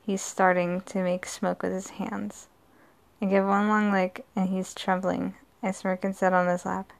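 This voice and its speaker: Woman narrator, mid-pitched with a creaky texture, amateur first-person reading with slips. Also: flat delivery, measured pace. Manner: plain reading with frequent slips and restarts. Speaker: story reader.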